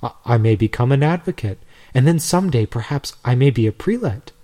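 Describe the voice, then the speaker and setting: A man's voice: mid-range voice, lively intonation, brisk, warm tone, close to an everyday voice. A man voicing an eager, earnest young male law student while reading a storybook aloud. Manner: earnest, rising enthusiasm.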